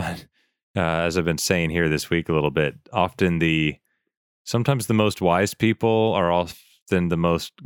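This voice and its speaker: A man's voice: low-pitched, clear, resonant tone, no echo, studio quality. A man hosting a podcast interview, chatting casually with upbeat short reactions. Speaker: podcast host.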